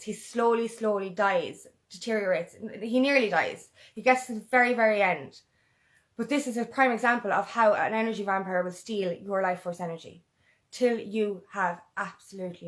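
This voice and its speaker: A woman's voice: medium pitch, fairly bright tone. A woman empowerment coach talking earnestly and emotionally in a motivational vlog, often repeating a mantra. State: emotional, close to tears.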